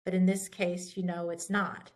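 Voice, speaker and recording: A woman's voice: lowish voice, level tone. A woman instructor giving a recorded lecture, patiently walking through pronunciation rules. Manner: patient, slow and deliberate, contrasting correct and wrong pronunciations.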